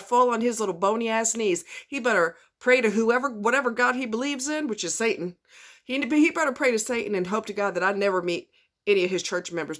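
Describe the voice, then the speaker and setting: A woman's voice: fairly high pitch, fairly bright tone. A woman ranting angrily into her camera, blunt and profane, repeating herself for emphasis. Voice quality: blunt, swearing, repetitive. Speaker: vlogger. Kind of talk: profane angry rant.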